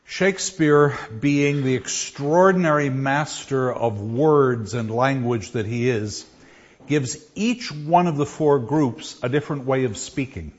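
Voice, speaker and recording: A man teaching a class, explaining verse and reading lines aloud with pauses. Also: mid-range voice. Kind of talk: classroom lecture. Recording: dull lo-fi classroom recording.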